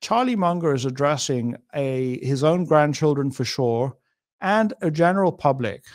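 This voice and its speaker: A man's voice: on the high side, lively intonation, moderate pace, a little mellow. A middle-aged man as a podcast guest, talking in a thoughtful, emphatic way and building his points with hypotheticals. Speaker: interview guest.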